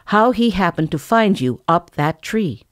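A woman's voice: fairly low pitch, lively intonation, measured pace, dry recording, clean studio sound, voice pushed up. A woman voicing a stern mother bear scolding her cubs firmly. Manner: firm, scolding.

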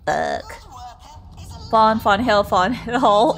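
A woman's voice: mid-range voice, animated, unhurried, gravelly, fairly bright tone. A woman streamer chatting casually during a game livestream, greeting viewers, exclaiming at the game and laughing often.

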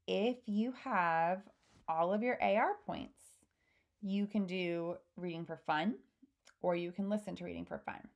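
A woman's voice: fairly low pitch, gravelly, darkish tone. A woman teacher reading a storybook aloud and giving encouraging instructions to her class. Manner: slow, encouraging instructions to children.

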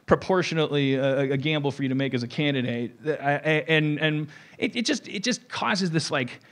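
A man hosting a podcast, talking in a rambling, animated way, restarting sentences and swearing. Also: on the high side, brisk. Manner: rambling, restarts often, swears, acts out quotes. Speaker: podcast host. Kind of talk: rambling comedic podcast talk.

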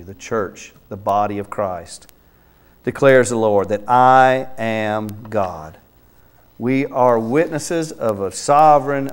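A man's voice: mid-range voice, clean tone. A man preaching a sermon in church, reading scripture aloud emphatically and commenting on it. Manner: reads scripture aloud with his own name inserted, then comments; emphatic, rising to loud exhortation. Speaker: pastor. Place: church sanctuary.

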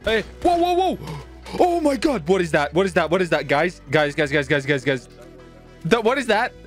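A man in a frantic game roleplay, his voice sitting high and bouncing widely in pitch. He talks in panicked bursts full of swearing and exclamations, with faint music underneath. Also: big pitch swings, normal speed. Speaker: streamer playing a robber in a roleplay game.

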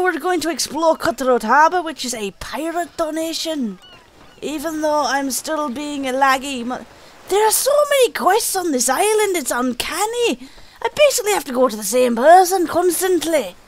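A woman giving chatty, sweary let's-play commentary, slipping into a mock pirate lilt. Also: high voice. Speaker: gaming channel host.

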